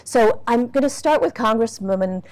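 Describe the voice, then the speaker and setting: A woman's voice: a little high, lively intonation, normal speed, darkish tone. Polished woman moderating a panel.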